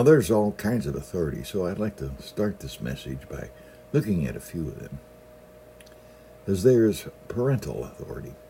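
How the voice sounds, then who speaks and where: A man's voice: deep voice, a little mellow, slight background noise. A middle-aged male pastor giving a sermon in a folksy storytelling manner, often opening his sentences with "well".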